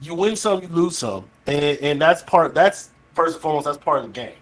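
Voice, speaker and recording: A man with a slightly raised voice co-hosts a casual podcast chat. He talks in a measured, reflective way, often restarting a thought before finishing it. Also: on the high side, lively intonation, slight background noise, low-quality recording.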